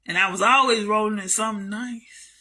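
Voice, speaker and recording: A woman's voice: medium pitch, fairly even intonation, fairly quick, bright, forceful tone. A woman telling a story to her camera in a casual monologue, blunt and heavily profane, repeating herself for emphasis. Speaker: vlogger.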